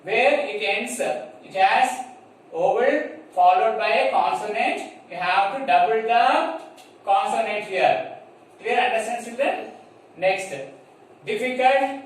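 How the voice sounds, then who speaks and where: A man with an Indian English accent teaching a grammar lesson to children, slowly spelling out words and checking whether they understand. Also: high-pitched. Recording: echoey room from far off, faint noise.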